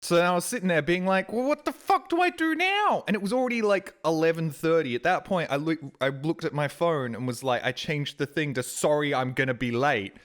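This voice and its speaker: A man's voice: fairly quick, few pauses. A young Australian man, a streamer, telling a story in a casual chat and acting out his own reactions. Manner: animated, acts out his own reactions with big jumps in pitch.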